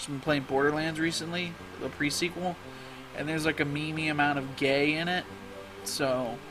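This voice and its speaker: A let's play host chats casually through his game, sarcastic and quick to swear. His voice sits a touch high for a man. Game music plays clearly underneath him. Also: low-quality recording. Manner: sarcastic, profane, muttering asides. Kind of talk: casual gameplay commentary.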